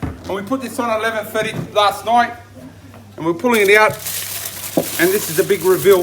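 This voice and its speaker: A man's voice: high voice, fairly bright tone, a little hiss or hum. A middle-aged Australian man, a chef, giving an enthusiastic casual cooking demonstration in his backyard and repeating his catchphrases. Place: backyard at home beside a smoker.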